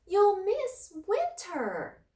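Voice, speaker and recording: A woman voicing a small, fretful male mouse in a storybook read-aloud, with a high, pleading voice. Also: wildly swooping pitch, extremely slow, darkish tone, heavily acted. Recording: roomy, far from mic.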